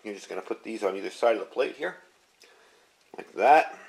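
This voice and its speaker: A man's voice: fairly low pitch, brisk, gravelly. A man in his fifties chatting casually as he walks through a cooking demonstration. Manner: chatty, relaxed, talks while cooking. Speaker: home cook.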